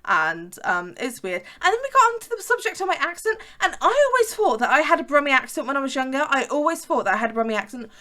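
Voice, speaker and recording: A woman's voice: high-pitched, very animated, fast talker, few pauses, sharp tone. A woman in her twenties from the West Midlands of England with a fairly posh English accent, chatting casually and rambling with lots of ums while narrating her gameplay. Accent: English, fairly posh southern-leaning. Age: 20s. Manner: rambling, frequent ums and restarts, chatty asides. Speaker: gaming YouTuber. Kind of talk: casual chat over gameplay.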